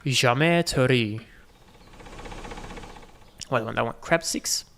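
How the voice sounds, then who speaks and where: A man talks his way through a game in a loose, chatty commentary. His voice has a gravelly rasp and sits at an ordinary middle pitch. He keeps throwing playful asides to his viewers. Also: very fast, sharp tone. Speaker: gaming channel host. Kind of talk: casual gameplay commentary.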